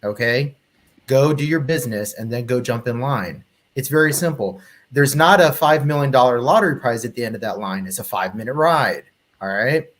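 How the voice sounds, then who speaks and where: Male panelist, lively rant-style storyteller with a mid-range voice. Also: medium pitch, a little fast, slight background noise. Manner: animated profane storyteller, acts out quotes. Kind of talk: casual podcast chat.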